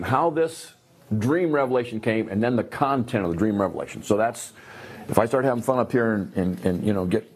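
A man teaching a Bible class in a lively way, acting out the characters and often repeating himself. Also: medium pitch, slightly rough. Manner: animated, acts out characters, repeats words.

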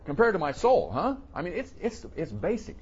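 A man preaching a sermon to a congregation, asking questions and playing out the listeners' doubts in a higher voice. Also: moderate pace, husky, dull audio. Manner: animated, voices the questioners in a high mocking tone.

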